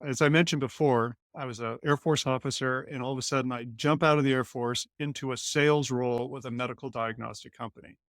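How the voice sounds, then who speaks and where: A man from Colorado, a company CEO, telling a lively story as a guest in an interview and acting out the voices of the people in it. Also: medium pitch, fairly quick, hardly any pauses, no room sound. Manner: animated, acts out quoted lines in other voices.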